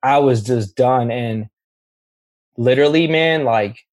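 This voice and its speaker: A man's voice: mid-range voice, slow pace, darkish tone. A man sharing his personal recovery story in candid, emphatic talk. He often says "bro" and restarts his sentences.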